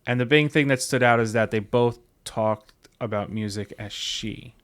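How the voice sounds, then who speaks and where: A man's voice: mid-range voice, moderate pace. A man hosting a podcast book club, casually paraphrasing a story from memory. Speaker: podcast host.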